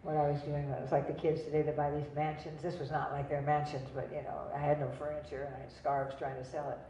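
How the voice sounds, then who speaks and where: Speaking fast in a low, mellow voice with flat delivery, an older actress rambles through anecdotes at a cinema event and chuckles at her own jokes. It's a distant, roomy lo-fi recording of the venue with a bit of hiss or hum.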